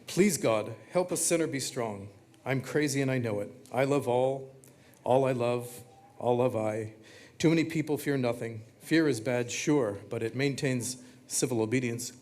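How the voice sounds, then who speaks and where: A man reading his own text aloud, delivering short confessional quips in a flat, deadpan way. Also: medium pitch, moderate pace.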